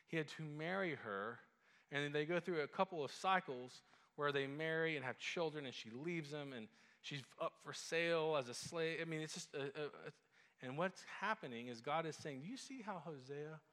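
A man's voice: mid-range voice, fairly bright tone. A male pastor preaching a sermon in a conversational, emphatic way, with frequent "like" and restarts. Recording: long hall reverb.

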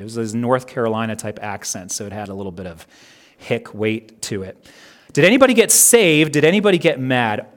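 A pastor preaching a sermon in an earnest way, slowing down and stressing each item when he reads out a list. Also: mid-range voice, animated. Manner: earnest, slows down and stresses items in lists.

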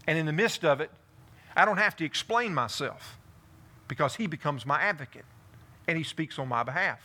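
A man preaching to a congregation in a bright, ringing voice that sits a little high. He retells scripture with lively, animated energy and steps into the story's speakers as he goes. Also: normal speed. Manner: animated preaching, voicing David in first person. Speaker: pastor. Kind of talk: sermon. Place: church in front of a congregation.

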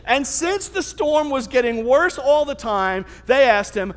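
A man preaching a sermon as a pastor, telling the story in an animated, conversational way. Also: extremely high pitch, a little slow, few pauses, big-room sound.

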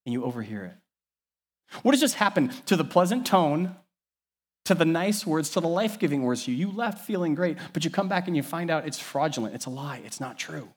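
A man preaching a sermon as pastor, animated and conversational, swinging between soft asides and loud emphasis. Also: a little high, a little fast, breathy edge. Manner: animated, varies loudness widely, conversational asides.

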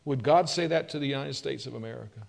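A male pastor delivering a sermon, full of rhetorical questions, swelling louder and then dropping low. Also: quick pace, creaky.

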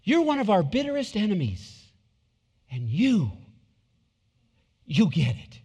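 Jesus, as a preacher plays him, a gentle man delighted by a humble woman's faith, his voice rising high and ringing through a reverberant hall. A sermon retelling, exclaiming and tender in turn. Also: huge pitch swings, slow, slightly rough, full character voice.

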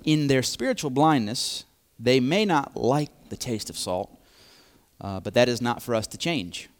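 A man preaching a sermon, speaking deliberately and repeating key phrases for emphasis. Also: medium pitch, lively intonation.

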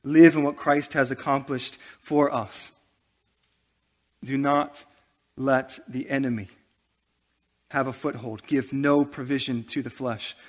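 A man's voice: mid-range voice, steady tone, slow, long pauses. Man preaching. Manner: preaching with rising intensity and humor asides. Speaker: pastor. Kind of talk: sermon. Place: church.

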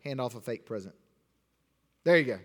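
A man teaching children a Bible lesson, acting out the story and directing the kids with quick, repeated commands. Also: mid-range voice, lively intonation, a bit bright. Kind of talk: interactive acted-out Bible lesson. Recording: long hall reverb.

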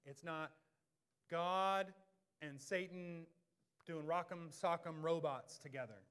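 Male pastor, 30s, animated sermon delivery, slightly high-pitched, acts out voices with big loud-to-soft swings. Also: takes it slowly, smooth.

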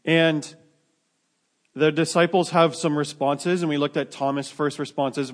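A pastor delivers a sermon to his church in a conversational style, his voice on the high side, steady in tone and a little slow. He often restarts his sentences and throws in self-deprecating, joking asides.

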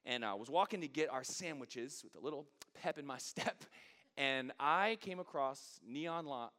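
A man's voice: mid-range voice, lively intonation, normal speed, pushed and bright. A middle-aged man pastor, delivering a sermon that moves from funny storytelling to fervent preaching.

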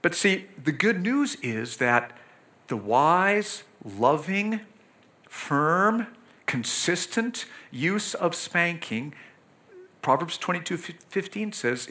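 A middle-aged man preaching a sermon as pastor, earnest and pleading, with sudden emphatic loud bursts. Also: a little high, big pitch swings, slow.

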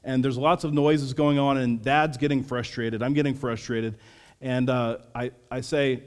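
A man in his thirties preaching a sermon as pastor, earnest and measured, sometimes dropping to a soft, quiet delivery. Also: medium pitch, steady tone. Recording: long hall reverb.

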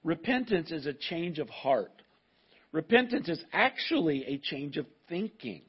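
A man's voice: fairly high pitch, very animated, measured pace, slightly rough. A male pastor giving a sermon to a live congregation, talking in an emphatic, conversational way with frequent restarts, in a dull, muffled recording. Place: church service with a live congregation.

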